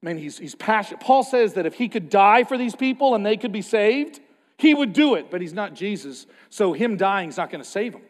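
A man preaching a sermon as a pastor, passionate, moving between quiet, reflective stretches and loud outbursts. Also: high voice, lively intonation, a little fast, in a large hall. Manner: passionate, swings from quiet to loud, acts out quoted voices.

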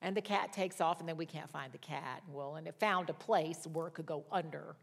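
Animated older woman telling stories. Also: brisk, vocal fry, slightly rough. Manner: animated, with sudden jumps in pitch and loudness; chatty, with self-mocking asides. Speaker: Bible study teacher. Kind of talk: personal storytelling in a teaching.

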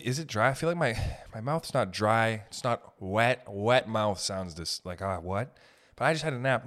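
A man's voice: mid-range voice, fairly bright tone. A man hosting a solo podcast, riffing in a rambling, profane comedic monologue. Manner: rambling, profane, tangent-hopping. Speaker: podcast host.

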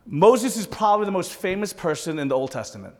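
A male pastor delivers a sermon in a high, very lively voice, tossing joking asides to his congregation. His voice carries a long reverb through a large hall. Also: quick pace.

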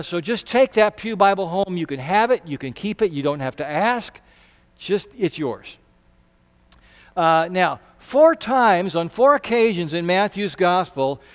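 A man with a high, smooth, resonant voice preaches to his congregation in a church sanctuary. His delivery is conversational, with sudden loud bursts when he acts out a quote. A long reverb trails every phrase. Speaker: pastor. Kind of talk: sermon.

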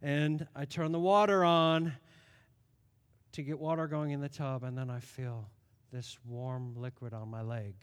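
A middle-aged man preaching a sermon, telling stories with animated swings between loud and soft delivery. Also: mid-range voice, a little slow, clean tone. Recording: long hall reverb.

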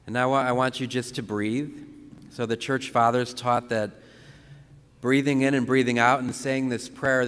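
Male priest leading guided prayer, slow and calm, long reverb on the recording. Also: mid-range voice. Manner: slow, calm, repeats phrases with pauses for breathing. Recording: long reverberant room sound.

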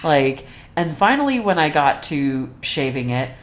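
Low-voiced woman in casual chat. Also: sing-song, a little slow. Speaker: podcast co-host.

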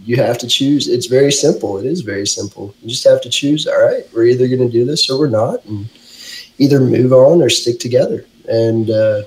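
A man's voice: medium pitch, brisk, a little mellow, low-quality recording. A male podcast co-host giving a matter-of-fact opinion in casual chat.

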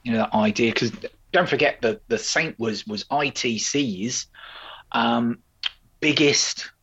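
Husky man rambling on a lo-fi podcast. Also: medium pitch, slow pace, fairly bright tone. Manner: rambling, full of fillers and restarts. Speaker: podcast co-host. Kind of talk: casual chat about old television.

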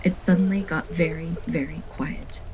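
A woman's voice: low voice, steady tone, normal speed, darkish tone, slight background noise, poor audio. Earnest woman narrating a spooky tale. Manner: earnest, vivid storytelling. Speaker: podcast host and narrator. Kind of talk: scripted storytelling narration.

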